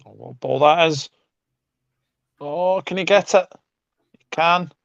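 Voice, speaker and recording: A man's voice: fairly high pitch, slow, gravelly, fairly bright tone, no room sound, highs cut off. A man co-hosting a football watchalong, chatting casually about the match with jokey asides. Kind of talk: casual live match commentary.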